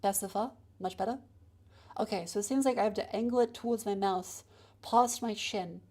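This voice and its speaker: At home in her streaming room, a chatty woman streamer rambles and jokes between checks in casual live-stream chat, moving a handheld mic around as she tests it. Her mid-range voice is husky and dark-toned, at a normal speed.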